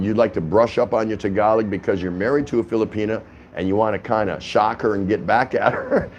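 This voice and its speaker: Male vlog host, lowish voice, rambling conversational delivery, home recording with a faint background hum. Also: a little mellow, highs cut off. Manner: rambling, chatty, frequent restarts and fillers. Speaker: vlogger host. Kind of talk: casual talking-head vlog. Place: apartment indoors.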